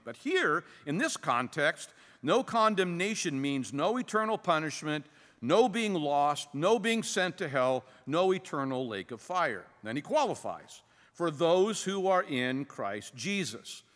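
A man preaching a sermon as pastor, earnest and emphatic, with dramatic pauses. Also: fairly high pitch, a bit bright. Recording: long hall reverb.

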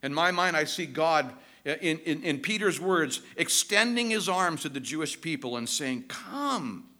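A man's voice: on the high side, animated, moderate pace, bright, forceful tone. A man preaching a sermon, earnest and at times passionately pleading as he reads and explains scripture.

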